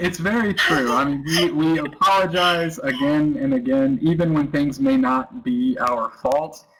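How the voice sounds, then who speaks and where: An American man answering interview questions in a relaxed, thoughtful way, pausing with frequent ums and giving everyday examples. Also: on the high side, slight background noise, low-quality recording. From United States. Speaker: interviewee explaining American culture.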